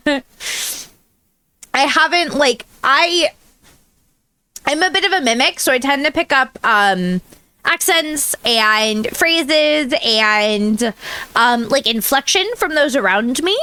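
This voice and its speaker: A woman's voice: high-pitched, expressive, slow, pauses often, sharp tone. An American woman chatting casually on a livestream, rambling and laughing often as she answers chat from home. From United States. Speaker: VTuber streamer.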